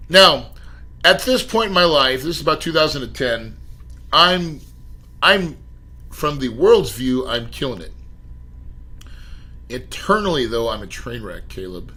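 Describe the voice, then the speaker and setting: A middle-aged man speaks as a podcast guest, at an everyday pitch. He tells his story with emphatic bursts and keeps turning to address the host. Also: pushed and bright, rough recording. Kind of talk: storytelling interview.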